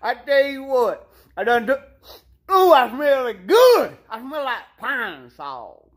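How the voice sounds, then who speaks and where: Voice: high-pitched, sing-song, slow, heavily acted. Wild Bill, a performer doing a hollering hillbilly. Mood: rowdy folksy. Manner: hollering, cackling, folksy drawl. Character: rowdy folksy hillbilly man with a pet. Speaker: county fair mascot character. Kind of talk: social media video promo.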